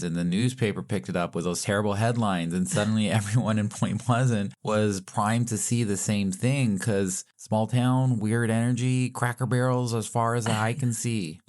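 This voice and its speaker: A man co-hosting a podcast in a casual, joking, self-deprecating way. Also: lowish voice. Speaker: podcast co-host.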